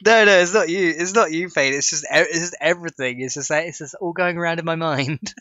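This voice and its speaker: A man's voice: fairly high pitch, brisk, bright, forceful tone, dry recording, dull audio. A man casually chatting on a livestream while coding, reading chat aloud and constantly cracking up with laughter. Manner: giggly, keeps breaking into laughter; reads chat messages aloud. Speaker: streamer.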